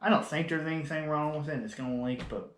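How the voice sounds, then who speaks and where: A man's voice: fairly high pitch, fast talker, a bit bright. A man co-hosting a casual podcast, talking in a laid-back way and laughing often. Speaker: podcast co-host. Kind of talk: casual chat. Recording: echoey room.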